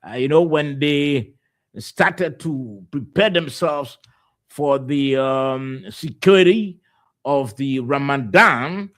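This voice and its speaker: A man's voice: mid-range voice, slow, fairly bright tone. A man with a Liberian accent hosts a live radio talk show, trailing through his opening with many uhs, you-knows and repeated words. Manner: loose, filler-heavy delivery with many uhs and repeated words. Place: radio studio.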